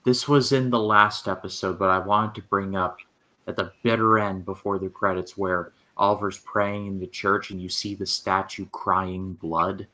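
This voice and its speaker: A man hosting a casual show chat, relaxed and wry. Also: sits low, normal speed.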